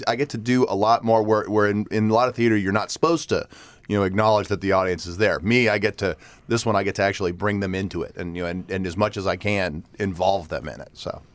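A man's voice: lowish voice, no room sound. A man, an actor in a stage production, talking enthusiastically in a radio interview and repeating words often.

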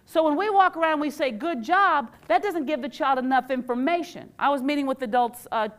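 A woman teacher gives an animated workshop talk, quizzing her audience and acting out phrases. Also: sits high, brisk. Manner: animated, quizzes the audience with call-and-response questions; acts out quoted phrases in playful voices. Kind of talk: live interactive workshop talk.

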